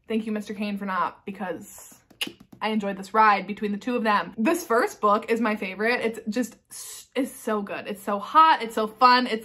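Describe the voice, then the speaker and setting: A woman's voice: fairly high pitch, a bit bright. A woman in a casual chat about books, talking bluntly with lots of fillers. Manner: chatty and blunt, heavy on fillers like "like". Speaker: book reviewer.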